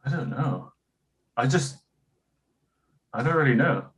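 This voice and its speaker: A man's voice: mid-range voice, expressive, unhurried, poor audio. An English man chatting casually on a podcast, a bit hesitant and self-deprecating. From England. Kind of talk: casual chat.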